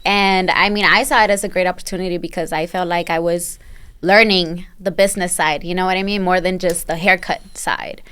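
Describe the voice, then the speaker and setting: A woman's voice: on the low side, steady tone, brisk, fairly bright tone, smooth. A woman who owns a barbershop, a guest on a podcast, telling her story in a friendly, easygoing way. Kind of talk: casual podcast interview.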